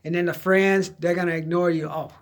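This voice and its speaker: The man's voice is high and level, and he talks fairly quickly. Middle-aged and from Southern California, he offers job-search advice through candid, meandering tales of his past, sometimes slipping into quoted voices in a casual, personal way.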